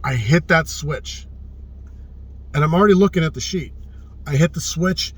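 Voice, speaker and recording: A man telling a personal story in casual spoken style, earnest and often hushed, swearing freely and repeating phrases for emphasis. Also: fairly high pitch, moderate pace, breathy edge. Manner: often drops to a hushed, subdued tone.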